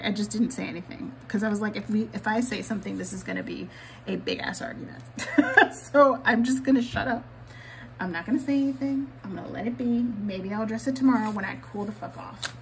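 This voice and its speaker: A woman's voice: medium pitch, gravelly, a little hiss or hum, low-quality recording. A woman vlogger chatting candidly while she decorates her planner, swearing casually and laughing often.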